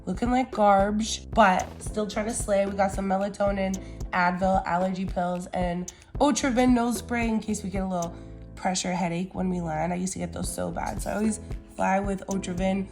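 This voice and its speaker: A woman's voice: mid-range voice, steady tone, moderate pace, darkish tone. Casting: chatty young woman vlogger, bubbly yet tired voice, faint music under. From Canada. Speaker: beauty vlogger. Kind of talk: casual travel vlog.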